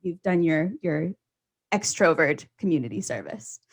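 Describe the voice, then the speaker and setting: A woman's voice: sits low, lively intonation, measured pace, husky. A woman stand-up comedian in casual conversation, chatty and rambling, laughing often.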